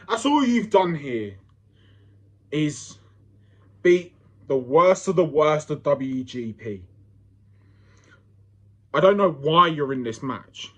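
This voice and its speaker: A British man with a notably high voice tears into his rivals in a wrestling promo. He sneers, mocks and quacks at them, swinging his pitch up and down for effect. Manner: mocking, sneering, mimics opponents with quacking sounds. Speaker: fan wrestling promo performer. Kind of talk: wrestling trash-talk promo.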